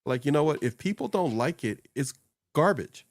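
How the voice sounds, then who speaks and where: A man co-hosting a casual talk show, rambling and animated, laughing often and putting on voices when he quotes people. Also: on the high side, moderate pace, no echo. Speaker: podcast co-host and social media coach. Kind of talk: casual chat. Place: small home studio upstairs.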